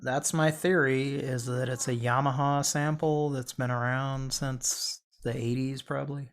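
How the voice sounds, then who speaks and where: A man's voice: mid-range voice, fairly even intonation, a little slow. A man hosting a podcast in casual chat, rambling and restarting his sentences as he talks. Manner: rambling, chatty, trails off and restarts. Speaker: podcast host.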